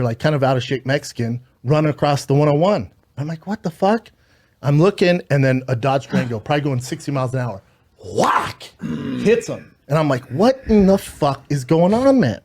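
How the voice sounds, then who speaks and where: A man hosting a podcast, retelling a story in an emotional, profane, animated way with acted quotes. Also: medium pitch. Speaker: podcast host.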